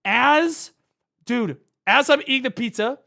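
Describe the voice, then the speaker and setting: A man, a former teacher, chatting casually on stream and telling stories, profane and animated. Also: extremely high pitch, measured pace, gravelly. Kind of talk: casual stream chat and storytelling.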